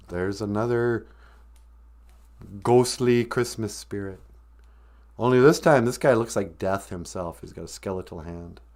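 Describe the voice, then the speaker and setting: A man hosting a live-stream podcast, telling a comic story with jokey asides. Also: lowish voice. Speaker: podcast host.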